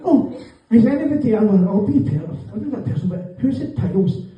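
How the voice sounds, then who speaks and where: A man's voice: sits high, big pitch swings, a little fast. A middle-aged Scottish man doing a sweary, mocking stand-up set in a comedy club with a live audience laughing. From Scotland. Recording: echoey room, distant mic, dull sound.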